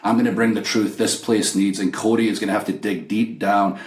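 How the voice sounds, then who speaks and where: A man's voice: fairly low pitch, brisk. Boastful Scottish man, echoey call. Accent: Scottish with slight American twang. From Scotland. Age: 40s. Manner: boastful, animated storytelling. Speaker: guest wrestler. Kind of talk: remote interview.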